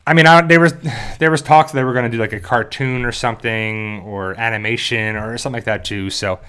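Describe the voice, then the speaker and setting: A man from South Jersey in the US hosts a casual fan discussion on his channel. His voice sits at a middle pitch, and he rambles through fillers and restarts as he talks straight to his viewers. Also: steady tone, fairly quick, pushed and bright, clean tone. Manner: addresses viewers directly. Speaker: YouTube show host.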